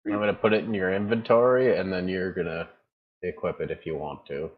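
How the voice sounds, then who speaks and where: A man running a tabletop game as game master, unhurried, with stumbling restarts. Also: low voice, steady tone, phone-quality sound.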